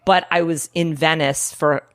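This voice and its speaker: On a casual podcast, a woman in her forties who is a guest actor tells stories in an animated, laughing way, sometimes trailing off mid-thought. She speaks with a low pitch at a measured pace.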